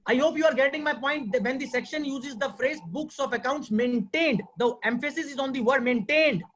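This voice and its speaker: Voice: high-pitched, normal speed, fairly bright tone, a little hiss or hum. A tax law speaker with an Indian accent giving an earnest webinar lecture over a video call, repeating key points and addressing listeners as sir.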